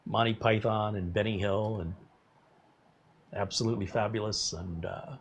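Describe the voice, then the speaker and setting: A man's voice: on the low side, steady tone, moderate pace, slightly rough. A man in his fifties hosting a live tech stream, chatting casually and rambling between topics while reading viewer comments. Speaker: tech YouTuber host.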